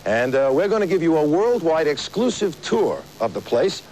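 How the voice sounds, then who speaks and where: A man's voice: a little high, very animated, normal speed, a little mellow, slight background noise, poor audio. A man hosting a live TV variety show outdoors, chatting and joking through his opening monologue. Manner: chatty, joking, laughs at his own gags. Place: outdoors on location.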